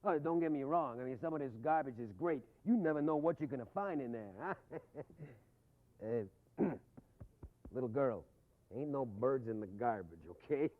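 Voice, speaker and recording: A man acting in a children's TV drama, playing gruff, jokey working-class men around the neighborhood. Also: medium pitch, animated, normal speed, long pauses. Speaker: actor playing a garbage man and a mailman. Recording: tinny lo-fi old TV audio with music.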